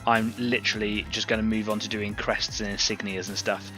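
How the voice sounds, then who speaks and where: A man's voice: fairly low pitch, little pitch movement, a little fast, pushed and bright, faint music behind. A man hosting a live painting stream, talking casually and rambling as he works and greets viewers from the chat.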